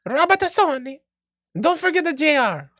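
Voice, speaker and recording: Man doing a squeaky plumber-style cartoon voice, goofy impression, very high, bouncy. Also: sing-song, normal speed, a bit bright, exaggerated voice.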